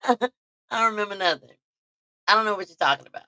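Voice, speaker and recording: A woman's voice: mid-range voice, quick pace, bright, forceful tone, no echo. A woman hosting a casual talk show, telling stories with lots of animation and frequent laughter, talking straight to her listeners. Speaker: podcast host. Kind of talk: casual storytelling chat.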